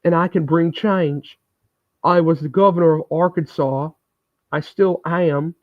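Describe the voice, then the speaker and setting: A man putting on the voice of a folksy male governor giving a campaign speech in a raised, smooth voice. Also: fairly high pitch, steady tone, a little slow, no echo, voice pushed up, natural voice. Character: middle-aged male Southern governor running for president, folksy and smooth. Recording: tinny, phone-like, dry sound.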